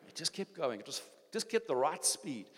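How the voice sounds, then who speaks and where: South African older pastor in a reverberant hall. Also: male voice, a little high, sing-song, normal speed. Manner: exhorting, repeats phrases, many restarts. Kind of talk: sermon. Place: church hall.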